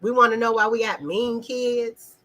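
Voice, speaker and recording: Husky, bright-voiced woman hosting a live talk. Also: on the high side, moderate pace, low-quality recording. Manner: emphatic, preachy, asks the audience questions; talks directly to viewers in the chat. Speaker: host of an online live talk. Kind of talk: casual conversational talk.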